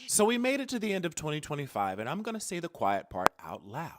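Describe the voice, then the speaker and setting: A woman delivering a comedic monologue in a video clip, dramatic and swinging between quiet asides and sudden outbursts. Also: deep voice, huge pitch swings, fast, very noisy.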